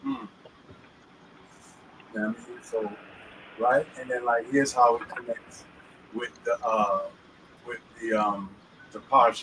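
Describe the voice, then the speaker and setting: Recorded on a distant mic inside a moving car with faint road noise, a man hosts a casual talk on the weekly Torah portion. His mid-range voice is pushed and bright, with little pitch movement, a measured pace and long pauses, and he uses street slang while often checking that the listener is following.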